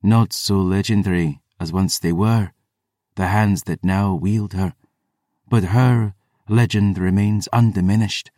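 A man voicing a stern masked priestess in an audiobook, with a deep, musical voice and archaic, formal speech. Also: fairly even intonation, a little slow, dark tone, no echo, studio quality. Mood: reverent. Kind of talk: audiobook character voice.

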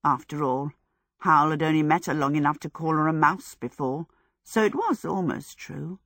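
A woman reading a story aloud in a measured, even way. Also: low-pitched, dry recording, clean studio sound. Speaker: narrator. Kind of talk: audiobook reading.

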